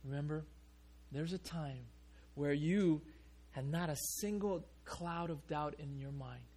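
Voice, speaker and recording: A male pastor preaching a sermon, telling a story in an animated way and often restarting his sentences. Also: a little high, measured pace, husky.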